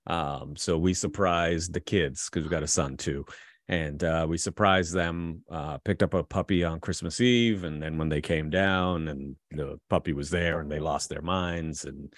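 A man and father, a comedian guest, chatting casually and cracking quick jokes. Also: a bass voice, steady tone, no room sound, studio quality. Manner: joking, quick quips. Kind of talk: casual chat.

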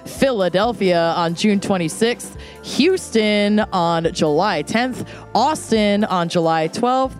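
A woman's voice: mid-range voice, animated, takes it slowly, faint music behind. A woman from Minnesota co-hosting a podcast, chatting casually with dry, blunt quips. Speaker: podcast co-host. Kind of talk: casual chat.

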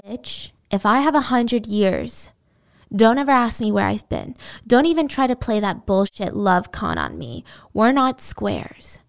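A woman's voice: a little high, big pitch swings, measured pace, gravelly, exaggerated voice. A woman voicing a brash, crude young male pimp who talks with cold swagger. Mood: contemptuous.

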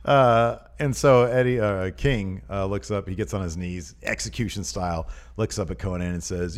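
A man's voice: fairly low pitch, normal speed. Man, casual podcast co-host, rambling and amused, lots of uhs. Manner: rambling, filler-heavy, amused. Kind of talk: casual wrestling news chat.

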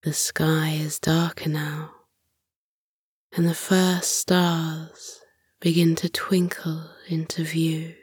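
Woman narrator, whispered bedtime story, very slow, breathy, close dry mic. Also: deep voice, flat delivery, a little mellow, no echo. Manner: slow, soothing, lulling. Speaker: sleep meditation narrator.

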